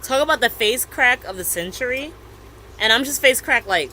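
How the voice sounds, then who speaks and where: Bright-voiced woman telling a lively story. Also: fairly high pitch, moderate pace, a little hiss or hum, rough recording. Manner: animated storytelling, acts out quoted messages. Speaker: podcast co-host. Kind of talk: casual chat.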